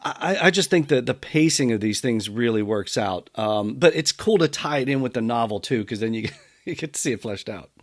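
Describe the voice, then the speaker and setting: A man's voice: mid-range voice, lively intonation, fairly quick, no echo, clean studio sound. A man hosting a podcast in casual chat, talking in an enthusiastic, rambling way. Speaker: podcast host.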